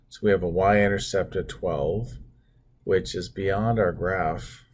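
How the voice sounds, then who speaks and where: A man's voice: low-pitched, fairly even intonation, slow. A man teaching math as he draws on a computer screen, talking through each step with self-deprecating asides. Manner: talks through steps while drawing, self-deprecating asides. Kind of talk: screen-recorded math lesson.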